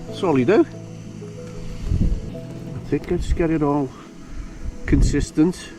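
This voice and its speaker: A man's voice: on the high side, slow pace, music in the background. A man chatting and musing aloud while he cooks and camps alone on a hilltop. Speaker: outdoor vlogger. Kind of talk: casual solo camping vlog. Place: hilltop wild camp outdoors.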